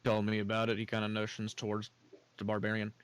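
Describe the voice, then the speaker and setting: Laid-back man, clear steady voice. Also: fairly low pitch, quick pace. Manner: laid-back, swears casually. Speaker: player. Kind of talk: tabletop role-play, in and out of character.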